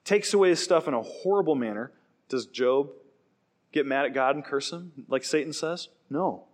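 A man preaching a sermon, telling stories in an animated way and acting out quoted lines. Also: on the high side, moderate pace. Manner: animated storytelling with acted quotes. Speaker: pastor.

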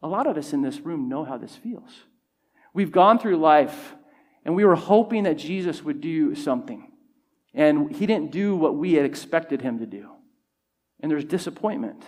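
A man's voice: a little high, darkish tone. A male pastor preaching a sermon to a congregation, building intensity with repeated phrases. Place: church hall with congregation.

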